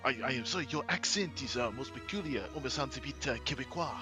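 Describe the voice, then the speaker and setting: A man doing a pompous French gentleman. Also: medium pitch, quick pace, over music, natural voice. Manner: pompous, boastful, theatrical.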